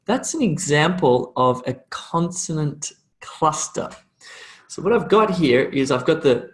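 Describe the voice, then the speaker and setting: A man's voice: on the high side, unhurried. A man with a slight Australian accent teaches a live pronunciation class, joking now and then, checking in with "okay?", and repeating sounds over and over to demonstrate them. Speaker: English teacher.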